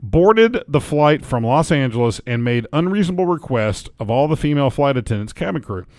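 A man's voice: medium pitch, big pitch swings, brisk, a little mellow, no room sound. A man co-hosting a podcast, chatting casually and reading news aloud while joking and restarting his sentences. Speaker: podcast co-host.

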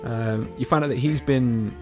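A man's voice: mid-range voice, normal speed, over music. A man in casual chat as a podcast co-host, enthusiastically retelling game and film plots in a rambling way.

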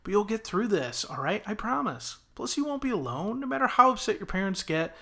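A man reading aloud and voicing a gentle young man who comforts a friend, in a soothing, earnest way. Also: sits high, sing-song, fairly quick, voice pushed up, heavily acted. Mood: reassuring.

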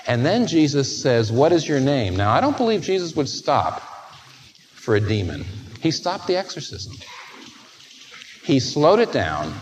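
Animated male preacher with faint noise. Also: fairly high pitch, poor audio. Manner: animated, swings from soft to emphatic, acts out quoted voices. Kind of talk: sermon.

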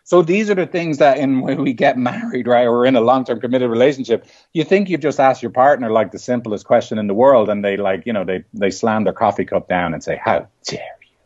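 A man who works as a marriage and family therapist, telling stories in a lively conversational way and often asking "right?". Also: mid-range voice, a little fast, hardly any pauses, lo-fi sound. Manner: animated storytelling with frequent rhetorical "right?". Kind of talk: conversational podcast interview.

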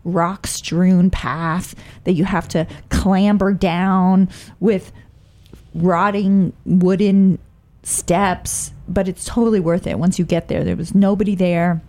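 A middle-aged woman from Oakland telling a personal story in a wry, blunt, animated way. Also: on the low side, takes it slowly. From Oakland, California.

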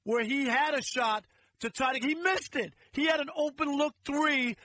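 A man's voice: extremely high pitch, moderate pace, sharp tone, low-quality recording. A middle-aged man guest-hosting sports talk radio, arguing emphatically and repeating his points.

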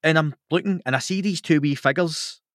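A man's voice: fairly high pitch, fairly quick, no echo, studio quality. Sweary Glaswegian man telling stories. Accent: Scottish, Glaswegian. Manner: sweary, animated, laughs through his stories. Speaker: podcast guest. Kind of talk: casual storytelling chat.

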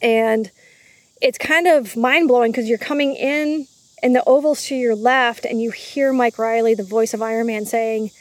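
A woman recounts her story as an interview guest in an animated way and slips into the voices of the people she quotes. Her voice sits a little higher than most. The sound is close and dry, with no room in it. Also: normal speed, no echo. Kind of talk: casual interview chat.

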